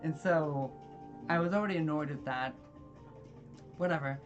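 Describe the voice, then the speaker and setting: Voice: medium pitch, normal speed, dull audio, music in the background. A gamer telling a long story while playing, rambling and exasperated, swearing freely. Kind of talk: casual storytelling with gameplay.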